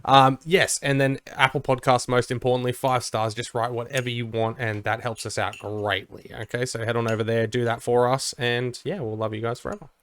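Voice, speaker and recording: Mid-pitched guy cohosting a podcast, agrees with everything, dry close sound. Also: flat delivery, a little fast, few pauses, a bit bright, clean tone, no room sound. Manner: agreeable, lots of backchannel affirmations. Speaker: podcast co-host. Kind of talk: casual chat.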